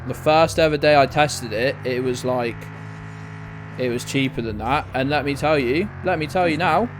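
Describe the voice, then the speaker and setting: A man's voice: medium pitch, normal speed, over music. A man streaming a game, chatting casually, swearing freely and answering his chat. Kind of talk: casual gameplay commentary.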